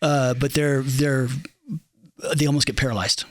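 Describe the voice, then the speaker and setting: A man's voice: mid-range voice, unhurried, no room sound. A man in an interview, telling backstage stories and acting out the lines of the people in them, with plenty of ums and uhs. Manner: animated storyteller, acts out quotes, many fillers. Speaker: entertainment director. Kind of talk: storytelling in an interview.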